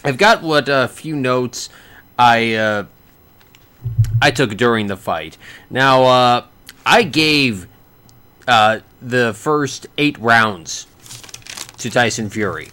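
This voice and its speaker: Man, mid-pitched voice, rambling, excitable, casual fight recap. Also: slow, pauses often, clear, resonant tone. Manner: rambling, many fillers and restarts, excitable. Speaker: boxing fan reviewing a fight.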